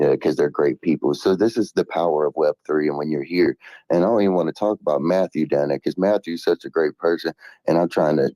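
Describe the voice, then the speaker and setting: A man speaking in a live audio chat, enthusiastic and motivational, giving shout-outs. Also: extremely low pitch, no echo, poor audio. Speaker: guest speaker.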